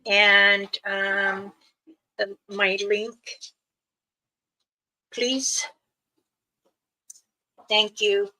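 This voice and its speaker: A woman hosting a casual livestream, giving slow, loosely strung warnings and advice to her viewers. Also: mid-range voice, level tone, sharp tone, low-quality recording. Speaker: livestream host.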